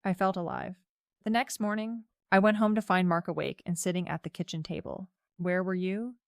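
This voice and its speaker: A woman narrating a scripted first-person story in a steady, reflective way. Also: mid-range voice, fairly quick, gravelly, dry recording, clean studio sound.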